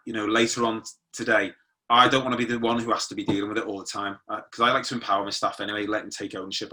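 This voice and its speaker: A man's voice: fairly low pitch, sharp tone. A middle-aged man, a former police sergeant, recounting a personal experience in conversational style, with restarts and quoted dialogue. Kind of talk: personal storytelling.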